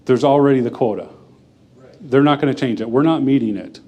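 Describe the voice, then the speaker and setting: A man's voice: mid-range voice, brisk, highs cut off. A man speaking plainly and conversationally, answering audience questions at a forum. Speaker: guest speaker.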